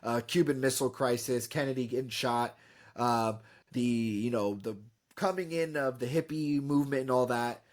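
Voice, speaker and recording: A man's voice: mid-range voice, steady tone, moderate pace. A man co-hosting a podcast, reviewing a film in casual, rambling chat full of fillers.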